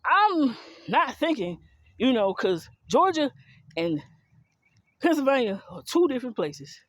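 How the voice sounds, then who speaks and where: Speaking directly to her listeners, a woman from the US South and Philadelphia recounts a personal story in a casual, blunt, heated, profane monologue with an African American Vernacular English accent. Her high-pitched voice is very animated but a little slow, with no room sound.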